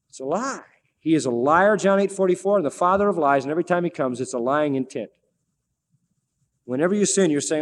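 A man's voice: high-pitched, brisk, a little mellow. A man preaching a sermon who quotes scripture with emphasis and asks the listeners questions. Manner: emphatic, quoting scripture, asking the crowd questions. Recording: long reverb of a large hall.

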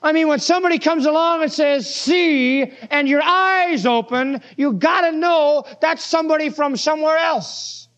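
A man's voice: very high-pitched, normal speed, hardly any pauses, a bit bright. A man preaching a sermon verse by verse, emphatic and full of rhetorical questions.

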